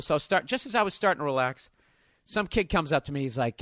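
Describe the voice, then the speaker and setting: A man's voice: mid-range voice, very animated, fast talker, no room sound, studio quality. Profane rambling man in his forties. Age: 40s. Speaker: podcast host. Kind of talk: casual monologue.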